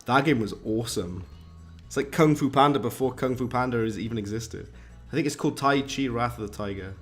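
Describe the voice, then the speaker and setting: A brisk, medium-pitched male voice rambles through casual live-stream game commentary. He talks with his viewers, reads chat aloud, and leans on British slang, with game music in the background.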